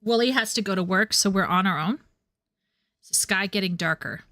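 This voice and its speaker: A woman's voice: medium pitch, brisk, bright, forceful tone, no room sound, soft background music. A woman chatting casually as she streams a game. She repeats and restarts her words and sometimes reads the game's dialogue aloud. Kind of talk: casual gameplay commentary.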